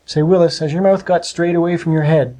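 A man reading aloud, voicing a timid young farm boy who talks in a quavering, excited way in a storybook. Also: a little high, brisk, pitched above the performer's own voice, lightly acted.

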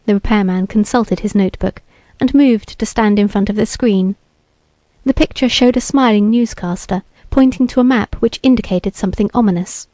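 A woman narrating a story in a steady, measured reading voice. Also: medium pitch, no room sound. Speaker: audiobook narrator.

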